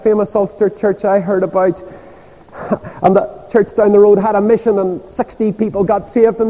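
A man's voice: sits high, level tone, normal speed. An older man with a Northern Irish accent preaching a sermon, telling stories animatedly and acting out the voices of the people in them. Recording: dull reverberant church hall.

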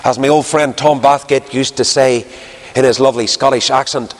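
A man preaching a sermon, lively and conversational, jumping up in pitch to stress a point. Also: moderate pace. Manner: animated, jumps in pitch for emphasis. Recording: long hall reverb.

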